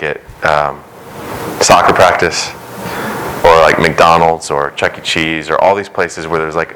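A middle-aged man preaching a sermon as pastor, earnest and emphatic, his pace shifting from quick runs to slow, stressed words. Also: sits low, sharp tone, a little hiss or hum, rough recording.

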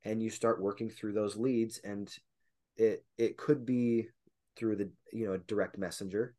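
A man's voice: on the low side, steady tone, unhurried, mellow. A man hosting a casual interview, summing up his guest's points in his own words. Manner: summarizes and recaps the guest's points. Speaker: podcast host.

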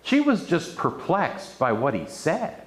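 A man's voice: fairly high pitch, huge pitch swings, measured pace. A man preaching a sermon to a room, reading scripture aloud and adding playful asides. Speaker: pastor. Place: church room with an audience. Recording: echoey room.

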